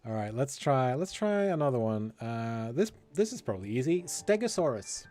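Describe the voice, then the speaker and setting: Brief: male streamer, mid pitch, easygoing and teasing. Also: sing-song, normal speed, a little mellow, faint music behind. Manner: easygoing, teasing, quizzes his co-host. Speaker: community manager. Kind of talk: casual game stream chat.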